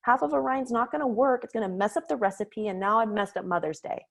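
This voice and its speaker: A woman's voice: fairly high pitch, fast talker, gravelly, pitched above the performer's own voice. A woman voicing a snooty, sulky teenage girl with a whiny delivery.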